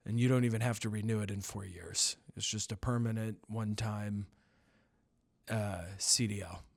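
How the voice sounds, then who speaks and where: A man putting on a lenient, indulgent male politician who soothes and excuses everything in a mock-gentle tone. The voice sits lower than his own and comes out quiet and placating, a sarcastic podcast send-up. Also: steady tone, normal speed, vocal fry.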